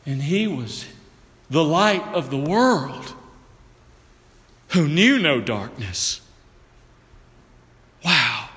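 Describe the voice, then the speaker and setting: A high, bright-voiced man preaches at an unhurried pace. He leans on emphasis and sinks into low, hushed tones, then turns to address his congregation directly. His voice rings with a long reverb, as in a church hall. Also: very animated. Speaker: pastor. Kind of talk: sermon.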